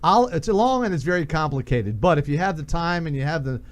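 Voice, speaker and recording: Joking, slightly higher-voiced male radio host. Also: lively intonation, brisk. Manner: loose, joking, sings along. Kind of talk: casual talk radio.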